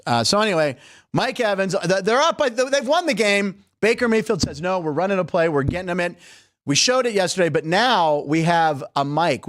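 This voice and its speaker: A man's voice: a little high, no echo, studio quality. A middle-aged man hosting a sports show, telling stories in a chatty, joking way. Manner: chatty, jokey, animated storytelling. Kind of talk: casual sports talk.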